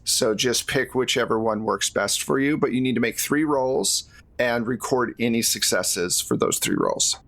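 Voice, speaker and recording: A man narrating as the game master of a tabletop role-playing game, relaxed and talkative, laughing easily. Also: mid-range voice, normal speed.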